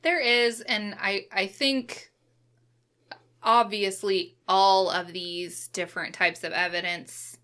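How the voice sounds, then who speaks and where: A woman co-host with a bright, forward voice who talks at a slow, easy pace. She chats casually and thinks out loud as she speaks. Her pitch sits in the middle for a woman. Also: steady tone. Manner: conversational, thinks aloud. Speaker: podcast co-host. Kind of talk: casual chat.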